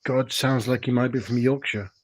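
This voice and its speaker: An English man, a guest in casual stream chat. He speaks in a hesitant, dry way and trails off quietly. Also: medium pitch, steady tone, normal speed.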